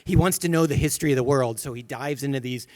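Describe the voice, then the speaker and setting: Brisk man explaining a game character. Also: medium pitch, a little mellow. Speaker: game designer on a panel. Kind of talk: casual panel chat.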